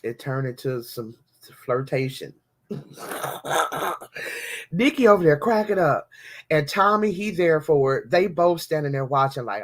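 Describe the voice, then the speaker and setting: A woman podcast host in casual chat, telling lively stories and calling her listeners y'all. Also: low-pitched, measured pace, pauses often. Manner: animated storytelling with slang, addressing listeners as y'all.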